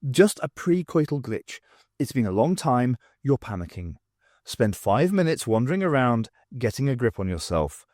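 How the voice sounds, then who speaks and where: A man's voice: mid-range voice, sing-song, moderate pace, a little mellow, no echo, studio quality, natural voice. A man voicing a nervous, panicky man on the edge of madness in an audiobook. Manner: tense, panicky.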